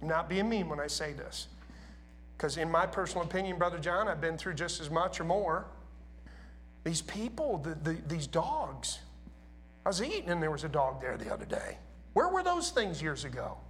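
A man's voice: on the high side, very animated, normal speed, a bit bright. Conversational male preacher. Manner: conversational preaching, asks the congregation questions. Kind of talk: sermon. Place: church.

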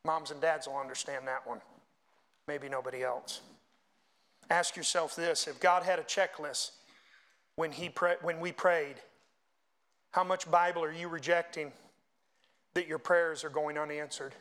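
High-voiced male preacher. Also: steady tone, a little slow, long pauses. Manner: preaching, swelling louder when reading scripture; conversational asides to the congregation. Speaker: pastor. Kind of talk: sermon.

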